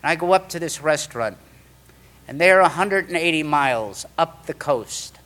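Bright-voiced man telling a story. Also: on the high side, normal speed. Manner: animated storyteller, acts out quoted voices. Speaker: speaker sharing his recovery story. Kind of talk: storytelling talk to a meeting.

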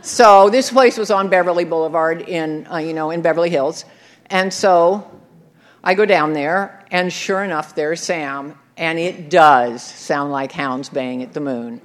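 A woman's voice: sits low, measured pace, some chatter behind. Wry, laughing woman telling her story. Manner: wry, self-mocking, often laughing. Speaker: speaker sharing her recovery story. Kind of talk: personal storytelling talk.

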